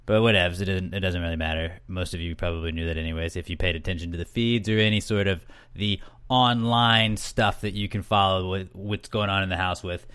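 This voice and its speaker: Young man, podcast co-host, joking, rambling, low-ish bright voice. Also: steady tone, a little fast, hardly any pauses, clean tone. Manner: joking, rambling, self-correcting. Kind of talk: casual podcast chat.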